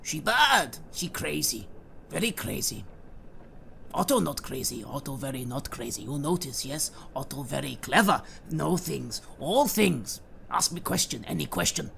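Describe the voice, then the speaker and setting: A man voicing a gruff, boastful male servant who speaks in broken English and barks commands. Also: fairly high pitch, big pitch swings, measured pace, a bit bright, a little hiss or hum, full character voice. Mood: eager.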